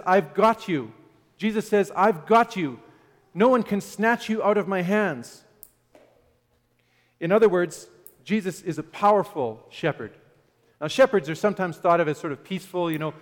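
A man preaching a sermon in a conversational way, often asking his listeners questions. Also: a little high. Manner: conversational, asks the audience questions, some "uh" fillers. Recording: long hall reverb.

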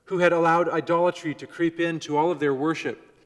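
A man preaching a sermon to his congregation, measured and shifting between soft, gentle phrases and loud emphasis. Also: fairly high pitch, steady tone, in a large hall. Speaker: pastor. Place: church before a congregation.

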